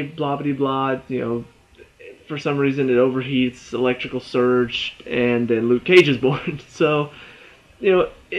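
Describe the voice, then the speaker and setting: A man's voice: medium pitch, highs cut off. Chatty man rambling through a review. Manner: rambling, chatty, many fillers. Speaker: TV episode reviewer. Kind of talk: casual spoken review.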